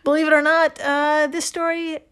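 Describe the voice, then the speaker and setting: A woman's voice: high voice, little pitch movement, normal speed, fairly bright tone. A woman co-hosting a podcast, telling a story in casual chat, laughing often and swearing freely. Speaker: podcast co-host.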